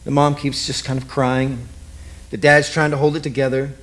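A man's voice: mid-range voice, flat delivery, normal speed, fairly bright tone. A man preaching a sermon as vivid present-tense stories, repeating key lines. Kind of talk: dramatic storytelling sermon.

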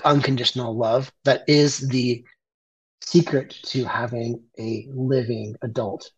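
Earnest husky man in his forties. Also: medium pitch, little pitch movement, dull audio. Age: 40s. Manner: earnest, emotional, halting with fillers. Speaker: photographer presenting a portrait project. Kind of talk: conversational presentation.

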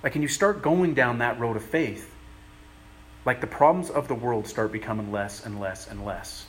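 A man giving a conversational sermon, earnest and plain-spoken, pausing often as he works through his thoughts. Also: mid-range voice, slight background noise. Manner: earnest, plain-spoken, halting with many pauses. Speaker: preacher.

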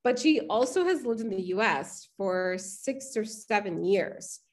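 A woman co-hosting a chatty podcast, her voice leaping high and low as she talks. She is animated and acts out the voices of the people she quotes. Her voice sits at a middling height for a woman. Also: a little slow. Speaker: podcast co-host. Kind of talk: casual chat.

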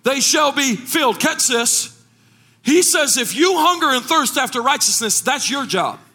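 A middle-aged man preaching a sermon as pastor, impassioned, rising into shouted, sung cadences. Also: very high-pitched, animated, measured pace.

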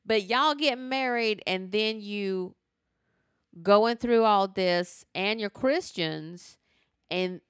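A podcast co-host chats casually, recommending the shows she's been watching, speaking frankly and animatedly with plenty of slang and "y'all." Her mid-range voice is clear and resonant, and she takes her time. The studio-quality recording has no echo.

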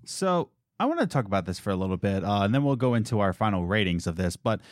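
A man's voice: lowish voice, big pitch swings, fast, no echo, studio quality. A young adult man co-hosting a podcast in loose, rambling casual chat, often correcting himself as he goes. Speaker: podcast co-host.

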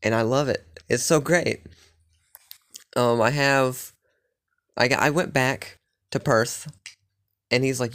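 A man's voice: medium pitch, steady tone, slow pace, pauses often, a bit bright. A man casually recapping his playthrough of a fantasy game, rambling and swearing with lots of filler words. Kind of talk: casual chat.

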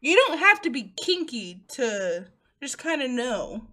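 A woman's voice: high voice, measured pace. A woman in casual chat, swearing freely and laughing often as she tells stories. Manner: laughing, profane, animated storytelling.

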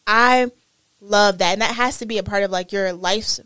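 A woman co-hosting a casual podcast chat, animated and chatty, laughing often. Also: medium pitch, normal speed, clear, resonant tone, dry recording, clean studio sound. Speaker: podcast co-host.

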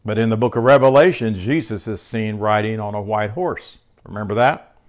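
A man's voice: on the low side, moderate pace. A man teaching a spiritual lesson from his home, speaking conversationally with fillers and restarts, and sounding tired. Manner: conversational, with fillers and self-corrections. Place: home room.

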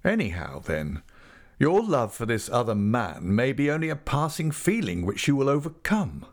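A man voicing an insistent, hot-tempered gentleman suitor who questions forcefully. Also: medium pitch, very animated, moderate pace, pitched above the performer's own voice, lightly acted.

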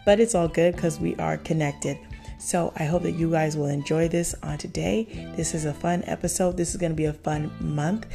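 A woman's voice: deep voice, steady tone, normal speed, creaky, music in the background. A woman hosting her podcast, giving upbeat, faith-filled encouragement to listeners. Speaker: podcast host. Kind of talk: upbeat motivational podcast talk.

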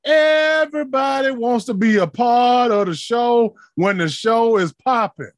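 A man preaching with fervor, his voice sitting unusually high and rising into shouted peaks before falling to murmured asides. The sound is close and dry, with no room around it. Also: measured pace, no echo. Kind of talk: sermon.

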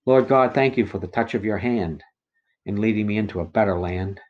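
A man reciting his own rhyming religious poems in a slow, measured, rhythmic way. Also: on the low side. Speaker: poet reciting testimony. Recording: dull lo-fi recording.

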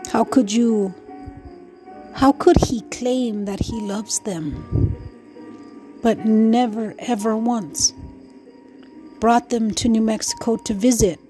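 A middle-aged woman speaks slowly in a mellow, darker tone, pouring out hurt in a profane, rambling podcast monologue. She breaks off and restarts her sentences often. Faint music sits low behind her voice. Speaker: podcast host. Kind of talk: emotional personal monologue.

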